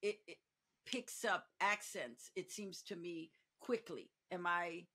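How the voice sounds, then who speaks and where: A woman's voice: fairly low pitch, slow pace, sharp tone, breathy edge. A woman hosting a podcast interview, asking conversational, admiring questions. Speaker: podcast host. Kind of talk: casual interview chat.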